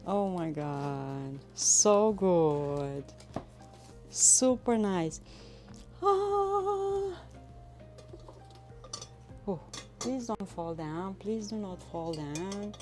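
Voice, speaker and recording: A woman chatting with her viewers while she cooks in a home kitchen, excitable and talkative, with some non-native phrasing. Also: lowish voice, drawn-out words, faint music behind. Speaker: cooking livestreamer. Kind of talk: casual live cooking chat. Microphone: phone.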